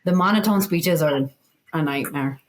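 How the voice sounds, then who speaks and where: A woman talking as a guest in a casual interview, explaining her points in an animated, emphatic way with plenty of "like". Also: low voice, normal speed, a little hiss or hum, poor audio. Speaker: guest, communication educator.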